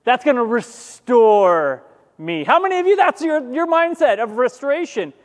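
A man preaching a sermon as pastor, conversational with joking asides and animated quoting. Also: extremely high pitch, normal speed, long reverb tail.

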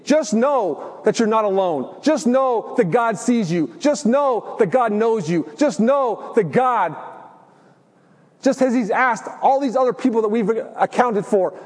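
Pastor, male, high voice, earnest sermon delivery, long reverb of a church hall. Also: a little mellow, breathy edge. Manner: earnest preaching, slows for emphasis.

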